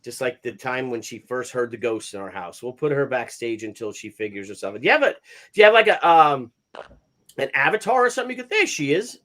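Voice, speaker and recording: A man hosting a live stream in casual chat, greeting viewers by name in an animated, chatty way. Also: mid-range voice, brisk. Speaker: host of live comics stream.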